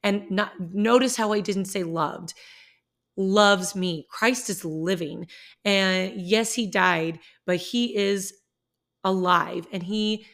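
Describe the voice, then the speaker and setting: A woman's voice: medium pitch, takes it slowly, creaky, fairly bright tone. A woman who teaches middle school, talking about her faith in a personal vlog, earnest and heartfelt, often restarting her sentences.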